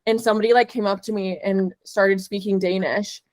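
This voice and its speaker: A young woman co-hosting a podcast, telling a story and playfully acting out the lines of the people in it. Her pitch sits in an everyday middle range. The recording is dry and close, with no echo. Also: fairly even intonation, fairly quick, darkish tone. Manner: chatty storyteller, acts out quoted lines. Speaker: podcast co-host. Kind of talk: casual podcast chat.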